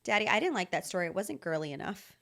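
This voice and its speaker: Bright, gravelly-edged woman co-host. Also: fairly low pitch, animated, fast talker. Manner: chatty, heavy use of "like". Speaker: podcast co-host. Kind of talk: casual chat.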